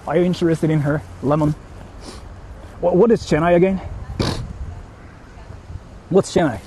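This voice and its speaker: A man's voice: on the high side, dark tone, slight background noise. A man streaming live while walking outdoors, chatting casually and rambling between laughs as he reads out viewer donations.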